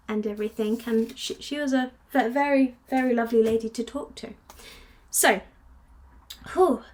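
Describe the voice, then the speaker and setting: Young woman, craft vlogger, casual rambling chat, a touch high-pitched. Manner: rambling, with many fillers and restarts.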